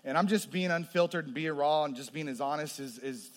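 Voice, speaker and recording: A man preaching a testimony sermon, moving between hushed storytelling and loud, impassioned passages. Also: fairly high pitch, fairly quick. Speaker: pastor. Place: large hall with audience. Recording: long hall reverb.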